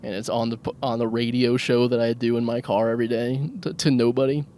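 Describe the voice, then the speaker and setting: A man's voice: medium pitch, flat delivery, fast, dark tone, slight background noise. A man hosting a solo comedy podcast from his car while driving, crude and self-mocking, often laughing. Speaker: podcast host. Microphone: handheld microphone.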